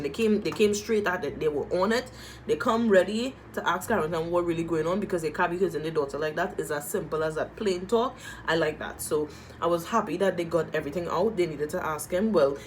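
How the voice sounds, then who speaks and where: A woman reviewing a reality TV episode in casual chat, animated and emotional, repeating phrases and using slang. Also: sits low, slight background noise, low-quality recording. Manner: moved and emotional while talking.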